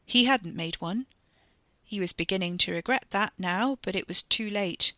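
A woman reading a serialized story aloud with expressive, tense narration. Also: lowish voice, moderate pace, creaky, dry recording. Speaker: reader.

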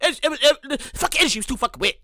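High-pitched, animated man ranting. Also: very fast. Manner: animated, profane storytelling with frequent shouted outbursts. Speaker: podcast host. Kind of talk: comedic solo podcast monologue.

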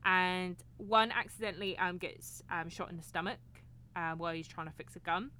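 A woman's voice: lowish voice, steady tone, normal speed, sharp tone, a little hiss or hum. A British woman co-hosting a podcast, chatting casually, giggly and swearing freely. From England. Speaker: podcast co-host. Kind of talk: casual chat.

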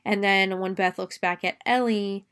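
Young woman reviewer, casual, profane, mid-pitched, talks through the plot scene by scene. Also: steady tone, normal speed, fairly bright tone. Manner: chatty, swears freely, retells scenes step by step. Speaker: movie reviewer. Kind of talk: casual spoken movie recap.

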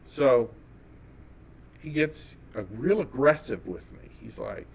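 A man from California telling a personal story as an interview guest, animated and acting out the dialogue. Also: mid-range voice, slow pace, gravelly, a little hiss or hum. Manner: animated, acts out quoted dialogue.

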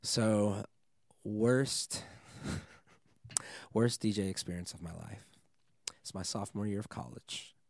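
A young man, a DJ guest, telling a wild story in casual chat, animated and swearing often, laughing as he goes. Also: fairly low pitch, slow pace, gravelly, pauses often, dry recording, studio quality.

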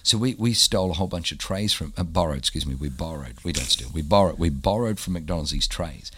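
A man's voice: very deep voice, fairly quick, breathy edge, no room sound. A man, a pastor telling stories as a guest in an interview and acting out what other people said. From Australia. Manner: animated storyteller who acts out the quotes of others. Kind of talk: storytelling in a casual interview.

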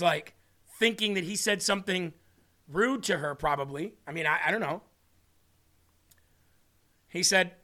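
A man's voice: high-pitched, moderate pace, pauses often. A man hosting a faith show, telling a story in sermon style and acting out the dialogue of its people. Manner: animated, acts out dialogue in a story. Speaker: host and preacher.

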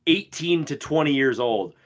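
A man in his twenties co-hosting a podcast, telling stories in a casual, profane and animated way. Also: fairly high pitch, moderate pace. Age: 20s. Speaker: podcast co-host. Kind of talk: casual chat.

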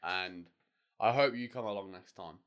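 A young Australian man co-hosting a podcast, telling stories in a casual, animated way and swearing freely. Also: lowish voice, moderate pace, smooth. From Western Australia. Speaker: podcast co-host. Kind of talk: casual chat.

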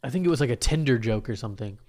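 A young man casually telling a story in a rambling, profane, animated way, full of restarts. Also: mid-range voice, rapid-fire.

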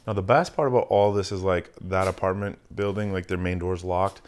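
A man's voice: sits low, fairly even intonation, fast talker, few pauses, clear, resonant tone. A Canadian man hosting a casual podcast, retelling a story with lots of swearing and quoted voices. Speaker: podcast host.

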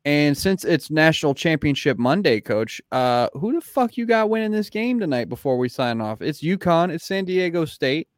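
In a clean studio recording with no echo, a young adult man hosting a podcast chats casually and tells profane stories. His voice sits a little high, moves at a normal speed with few pauses, and he brings the quotes to life as he acts them out.

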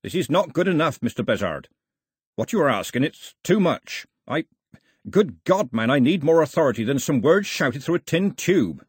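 A man's voice: fairly high pitch, very animated, normal speed, slightly rough, dry recording, studio quality, pitched above the performer's own voice, heavily acted. A man barking as a stubborn sea captain. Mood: indignant. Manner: barking, indignant.

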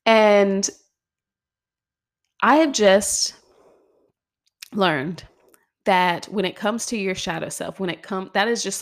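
A young woman hosting a podcast, talking casually in a chatty, exasperated way with lots of filler words. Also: fairly low pitch. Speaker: podcast host. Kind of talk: casual solo podcast monologue.

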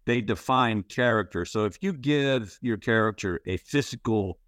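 A man's voice: on the low side, moderate pace, a bit bright, no echo, studio quality. A man giving acting advice in a casual interview, rambling and full of restarts. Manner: candid, swears casually. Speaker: interviewer, playwright and actor.

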